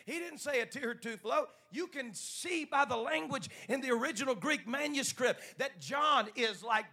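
High gravelly-voiced male preacher. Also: lively intonation, moderate pace, sharp tone. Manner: calls on the congregation to answer back; retells scripture with dramatic vocal flourishes. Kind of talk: sermon.

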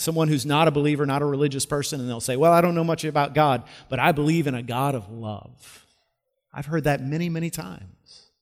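Male pastor, preaching, fairly high voice, swings from loud to hushed, long hall reverb. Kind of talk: sermon.

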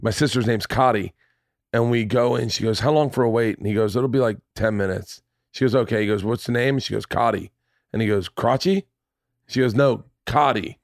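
A man's voice: lowish voice, fast talker, no room sound, clean studio sound. A man in his forties hosting a podcast, telling stories in casual chat, swearing freely and acting out the voices of people in his stories. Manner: animated storyteller, swears freely, acts out voices. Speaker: podcast host.

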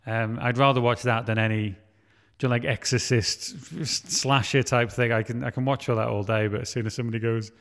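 A man's voice: medium pitch, fairly even intonation, brisk, a bit bright. A man in casual chat, talking in a chatty, self-mocking way and laughing often. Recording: long hall reverb.

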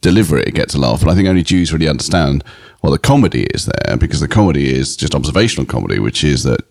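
A man's voice: rumbling low, expressive, rapid-fire, creaky, darkish tone, dry recording, clean studio sound. A middle-aged British man, a comedian, telling stories in a rambling way with frequent restarts. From Britain. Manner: rambling, self-interrupting storyteller with frequent restarts. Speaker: comedian guest. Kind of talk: casual interview chat.

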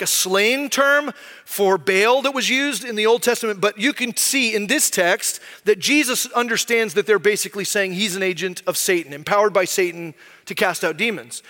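Bright-voiced pastor preaching in a hall. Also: male voice, high voice. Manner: conversational, explaining with rhetorical "right?". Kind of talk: sermon.

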